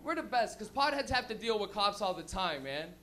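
A man doing a profane, animated stand-up routine at an open mic, acting out characters as he goes. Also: high-pitched, fairly quick, slight background noise. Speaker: stand-up comedian. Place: comedy open mic in a crowded apartment.

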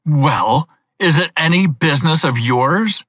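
Grudging stableman voiced by a man: slow, sullen, dry close read. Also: fairly high pitch, sing-song, fairly bright tone, no room sound, full character voice. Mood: surly. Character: surly, grudging male stableman, slow-spoken.

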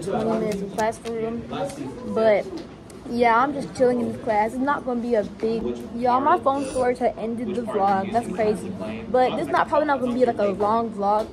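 A teenage girl vlogging her school day to viewers on a phone camera, talking in a loose, slangy, chatty way. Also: a little high. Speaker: student vlogger. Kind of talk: casual vlog chat to camera.

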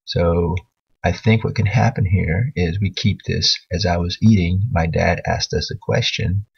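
A man with a deep, gravelly and very husky voice teaches a writing lesson. He talks patiently through corrections to a student's work, thinking aloud as he goes. The screen recording sounds dull and lo-fi. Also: fairly even intonation, a little slow.

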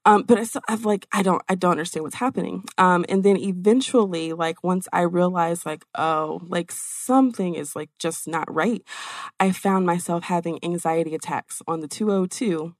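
A woman business coach telling her story in an interview, in a chatty, animated way with many fillers. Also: on the low side, moderate pace, no echo, studio quality.

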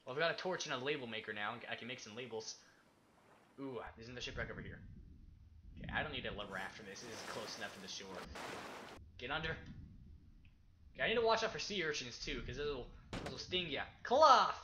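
A young man casually commenting as he plays a survival game, chatty and excitable, talking to himself and the objects in it. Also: medium pitch, fairly quick, pauses often, background noise. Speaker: gaming YouTuber. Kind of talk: casual let's-play commentary.

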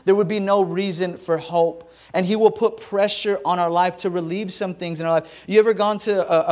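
Young man, pastor, high voice, conversational sermon, humorous storytelling, church.

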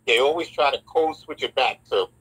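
A man, co-hosting a casual talk show, animated and speaking in quick bursts. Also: medium pitch, breathy edge, rough recording. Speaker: podcast co-host. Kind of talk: casual chat.

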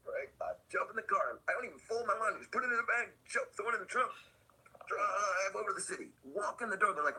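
A man guesting on a skate podcast, telling a story in animated, slangy casual talk and acting out the other people's voices. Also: fast, breathy edge, low-quality recording. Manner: acts out quoted voices, swinging high and low; laid-back slangy talk with laughs.

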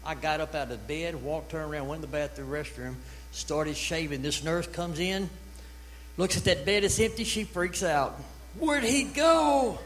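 High-voiced preacher shouting testimony. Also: male voice, moderate pace, slight background noise, rough recording. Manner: storytelling that builds to shouted praise. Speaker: evangelist telling his testimony. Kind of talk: revival sermon testimony. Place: church at a revival crusade.

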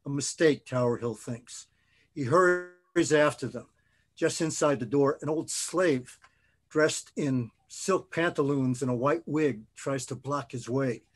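A man, an author, reading his own novel aloud in a measured, expressive way. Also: medium pitch.

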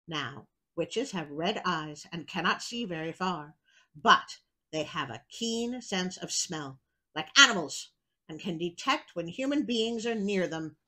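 A woman's voice: fairly low pitch, lively intonation, unhurried, pushed and bright, rough recording. A woman hosting a storybook reading, breaking off for wry, chatty asides. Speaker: storyteller host.

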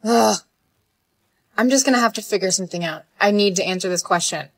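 A young woman acting in comedy skits, sassy and expressive. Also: mid-range voice, a little fast, close to an everyday voice. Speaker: lead in skits.

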